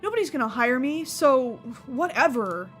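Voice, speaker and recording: A woman's voice: high voice, sing-song, moderate pace, a bit bright, faint music behind. A woman voicing a young drifter kid in a game, talking in a snappy, defensive way.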